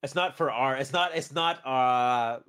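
A man's voice: mid-range voice, measured pace, fairly bright tone, smooth. A man co-hosting a podcast in casual chat, rambling from point to point with chuckles in between. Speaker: podcast co-host.

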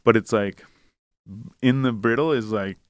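A man's voice: medium pitch, measured pace, no room sound. A young man casually telling a long, profane, rambling anecdote. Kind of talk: casual chat, storytelling.

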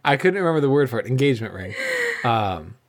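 A man's voice: mid-range voice, sing-song, quick pace, noisy background. A man, co-hosting a casual podcast chat, who laughs often and mimics people in his stories. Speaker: podcast co-host.

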